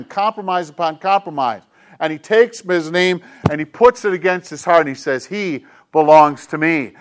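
A middle-aged male pastor preaching a sermon with an emphatic, repetitive cadence, dropping at times into soft, hushed tones. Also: high voice. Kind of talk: sermon to a congregation with kids.

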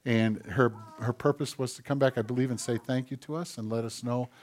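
A man preaching a sermon, telling a story in a relaxed, conversational way with asides to the congregation. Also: medium pitch, fairly quick. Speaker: pastor.

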